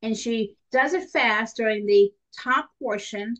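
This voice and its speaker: Middle-aged woman, nursing instructor, lively storytelling lecture to students. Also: on the high side, unhurried, poor audio. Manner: chatty and animated, addresses students directly. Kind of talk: recorded classroom lecture.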